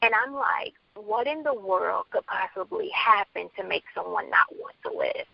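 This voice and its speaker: Candid author guest, a woman, lively pitch with fry, on dull lo-fi call audio. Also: moderate pace, no room sound. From Bronx, New York. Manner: candid, re-enacts quoted dialogue. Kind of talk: personal storytelling interview.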